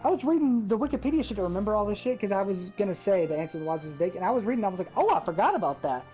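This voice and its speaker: A woman's voice: mid-range voice, racing, dull audio, soft background music. A woman ranting about a game in casual chat, swearing freely and getting worked up. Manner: profane, ranting, animated. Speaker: gaming podcast host.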